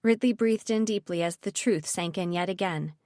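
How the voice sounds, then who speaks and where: A woman reads a young-adult fantasy audiobook as scripted narration, keeping a measured, even storytelling manner. Her voice is fairly low, and the studio-quality recording is dry.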